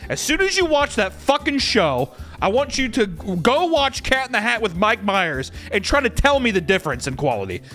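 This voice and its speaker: A man's voice: sits high, sing-song, moderate pace, sharp tone, soft background music. A man ranting casually as a commentator, profane and exasperated, mocking what he talks about. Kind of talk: casual rant.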